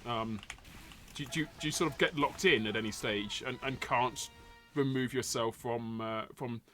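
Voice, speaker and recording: A man's voice: medium pitch, normal speed, pushed and bright, soft background music. A man hosting a casual interview, asking long questions full of hesitations and repeated words. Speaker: podcast host. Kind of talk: casual interview chat while gaming. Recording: faint background noise, keyboard typing.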